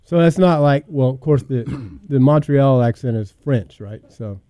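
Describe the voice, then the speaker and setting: A man's voice: mid-range voice, moderate pace, clean tone, no room sound, lo-fi sound. A man hosting a casual podcast, hesitant and full of questions. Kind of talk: casual chat.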